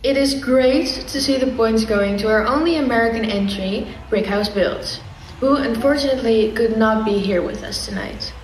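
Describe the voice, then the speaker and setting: A woman's voice: a little high, lively intonation, moderate pace, slight background noise. A woman hosting a mock song-contest show in a formal yet playful announcer tone. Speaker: host. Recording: echoey room, from far off.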